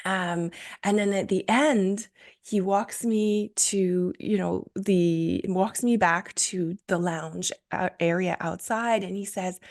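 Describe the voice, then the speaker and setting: A woman's voice: mid-range voice, steady tone, slow pace, darkish tone. A woman hosting a solo podcast, telling a personal story in an enthusiastic, chatty way with frequent fillers. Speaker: podcast host.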